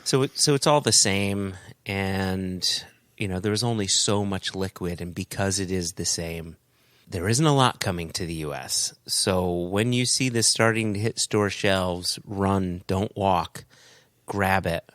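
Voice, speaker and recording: A man's voice: low-pitched, a little slow, fairly bright tone, no echo. A man co-hosting a podcast in casual chat, emphatic and enthusiastic, talking in punchy short phrases. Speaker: podcast co-host.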